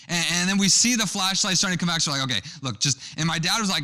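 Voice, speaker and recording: A man's voice: a little high, expressive, quick pace, hardly any pauses, pushed and bright. A young man preaching a sermon, telling a personal story in a conversational way with frequent restarts. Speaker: pastor.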